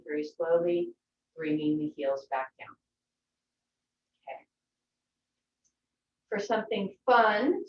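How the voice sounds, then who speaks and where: Woman yoga teacher, calm guiding voice, distant roomy dull video-call sound. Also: medium pitch, slight background noise. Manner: gentle, encouraging instructions. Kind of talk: guided yoga class. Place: her home.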